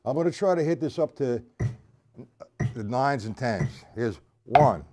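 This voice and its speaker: A man's voice: medium pitch, animated, normal speed, heavy background noise. Man counting beats in a casual drum lesson. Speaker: drum teacher. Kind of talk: live-streamed drum lesson.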